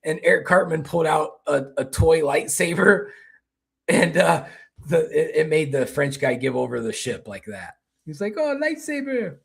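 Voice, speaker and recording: A man's voice: a little high, normal speed, vocal fry, breathy edge. A man with a Kentucky accent hosting casual political commentary, rambling and restarting his words as he talks.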